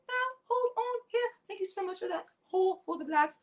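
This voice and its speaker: A woman hosting an online chat room in a satirical, over-the-top manner, with theatrical drawn-out emphasis. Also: sits high, poor audio. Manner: theatrical, breathy drawn-out emphasis, swooping intonation.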